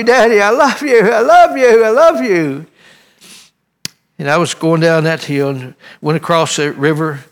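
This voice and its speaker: An older man preaching a sermon, telling a personal story in a halting, folksy way, often repeating himself. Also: a little high, a bit bright. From Tennessee, United States.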